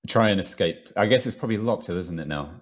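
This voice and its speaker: A man with a low voice plays a tabletop game. He is laid-back and casual, often breaking into laughter. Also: animated, fast. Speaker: player.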